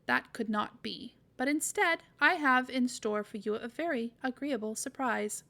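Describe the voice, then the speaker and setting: Woman doing a grating old godfather, monotonous, sing-song, a bit of gravel, storybook reading. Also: fairly high pitch, full character voice. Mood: genial. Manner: sing-song chanting, slowed down. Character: eccentric older male godfather, clockmaker.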